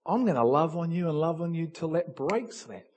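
Husky preacher, loud and soft swings. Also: male voice, fairly high pitch, lively intonation, moderate pace. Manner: swings from hushed to shouting, acts out dialogue. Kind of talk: sermon.

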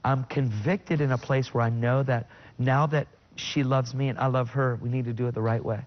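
A middle-aged man, a guest, shares his personal faith testimony in conversation, speaking earnestly and with feeling at normal speed. His intonation stays fairly even, yet it jumps high in sudden bursts when he quotes himself, and the audio is dull.

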